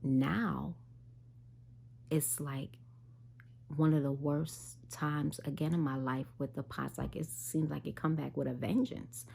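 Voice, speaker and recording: Woman, low gravelly voice, casual storytelling, faint hum behind. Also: takes it slowly. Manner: animated retelling, quoting others in dialogue. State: tired and unwell. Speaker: vlogger.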